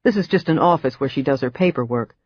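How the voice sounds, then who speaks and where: A narrator voicing a calm, persistent male investigator in an audiobook, speaking politely and patiently. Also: mid-range voice, fast, muffled recording, natural voice. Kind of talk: audiobook character voice.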